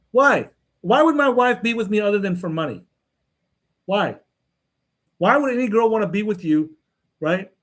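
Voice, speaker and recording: A man hosting a casual livestream monologue, talking in a blunt, brash, swaggering way and tagging his lines with "man" and "okay?". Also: high-pitched. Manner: repeats "man" and "okay?" as tags. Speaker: livestream host.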